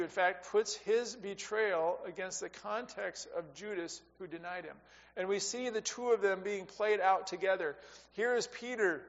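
A man giving a sermon as a pastor, talking conversationally, rising for emphasis and dropping to quiet asides. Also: high-pitched. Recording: dull sound with long reverb in a hall.

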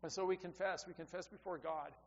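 High-voiced pastor in an echoing hall. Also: male voice, fairly even intonation, quick pace. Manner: earnest, repeats key phrases, swings between loud and soft. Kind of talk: sermon. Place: church sanctuary. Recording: dull lo-fi sound with long hall reverb and faint hum.

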